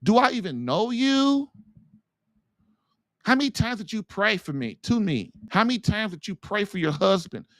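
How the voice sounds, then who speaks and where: A man voicing Christ as a stern male judge, asking slow, pointed questions of a soul. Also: sits high, very animated, a bit bright, no echo, exaggerated voice.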